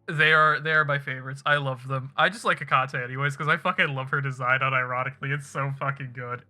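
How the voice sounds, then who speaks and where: A man's voice: medium pitch, bright, forceful tone. A man streaming a game, rambling casually and swearing freely as he wraps up his stream. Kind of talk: casual end-of-stream chat. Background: music playing in the background.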